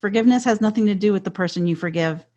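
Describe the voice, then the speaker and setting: A woman's voice: mid-range voice, rapid-fire, mellow, muffled recording. Chatty woman podcast host. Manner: chatty and responsive, with frequent filler words. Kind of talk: podcast interview conversation.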